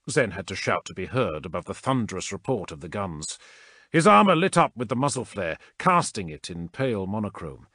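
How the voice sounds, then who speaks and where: A man reads action fiction as an audiobook narrator with dramatic expression. His pitch swings widely as the scenes build. The recording is dry and close, with no room sound. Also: fairly bright tone, no room sound. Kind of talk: scripted narration.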